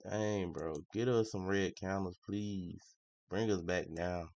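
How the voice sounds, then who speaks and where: Streaming his day trading live, this man gives slangy, casual commentary, grumbling and going over the same points again. His voice is low, gravelly, and a little mellow, steady in tone and slow, captured in dry, echo-free, slightly muffled lo-fi audio.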